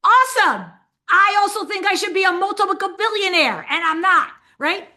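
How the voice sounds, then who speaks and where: A woman's voice: very high voice, normal speed. An older woman coaching designers in a webinar, talking animatedly and acting out client conversations as she goes. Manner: animated, acts out client dialogues. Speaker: business coach for interior designers. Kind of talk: webinar teaching.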